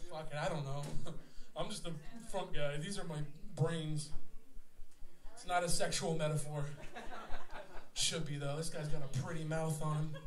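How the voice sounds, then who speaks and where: A young man, a rapper fronting a live show, trading loud, profane, laughing banter with the crowd on a small theater stage. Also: fairly high pitch, fairly even intonation, moderate pace, pauses often. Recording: echoey live room, mic heard from far, loud crowd.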